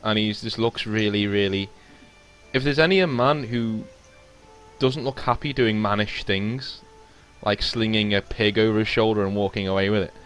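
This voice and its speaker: A man's voice: fairly low pitch, moderate pace, a bit bright, smooth, faint music behind. A man narrating as game master, rambling with lots of fillers.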